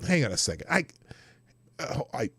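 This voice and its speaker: A man's voice: medium pitch, very animated, moderate pace, a bit bright, husky, dry recording. A middle-aged man from Nebraska hosting a live news commentary show, chatting loosely and narrating to himself as he clicks through clips. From Nebraska, US Midwest. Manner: rambling, chatty, talks to himself while working the screen. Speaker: show host.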